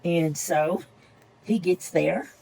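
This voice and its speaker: An older woman spins a chatty, meandering story at her craft table. Her voice sits low and carries a gravelly fry. A soft hiss runs under the recording. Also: slow, poor audio. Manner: rambling, chatty, repeats herself. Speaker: paper-craft vlogger. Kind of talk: casual storytelling while crafting.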